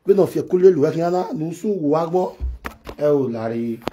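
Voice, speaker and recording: A man doing a comic live-stream rant, excitable and mocking as he acts out imagined scenes. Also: on the high side, moderate pace, a little hiss or hum. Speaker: comedy live video host. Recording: echoey room.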